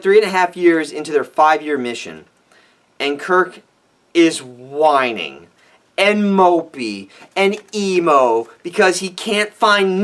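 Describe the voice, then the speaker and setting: A man giving a ranting film review for his vlog, animated and exasperated, swearing freely. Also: high-pitched. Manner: animated, exasperated, profane, with frequent restarts.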